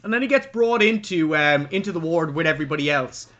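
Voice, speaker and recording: A man's voice: fairly high pitch, lively intonation, quick pace, fairly bright tone, dull audio. A man co-hosting a podcast, reviewing a film in rambling, chatty talk with jokey asides. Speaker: podcast co-host. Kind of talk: casual film-review chat.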